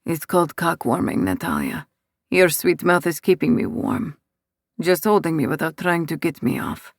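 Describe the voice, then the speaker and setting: A woman voicing a commanding Italian mafia boss, an adult man who speaks low and soft with an Italian accent. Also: lively intonation, normal speed, no room sound, clean studio sound. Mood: tender.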